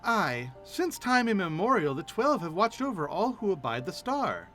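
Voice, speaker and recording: A man's voice: high-pitched, very animated, moderate pace, fairly bright tone, faint music behind. A man reading aloud the lines of an earnest woman adventurer who talks in an old-fashioned way. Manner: earnest, archaic read-aloud delivery.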